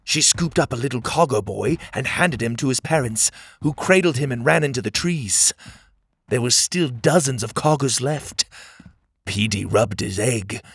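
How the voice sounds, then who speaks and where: A man narrating a children's adventure story in an expressive storytelling manner. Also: mid-range voice, normal speed, husky.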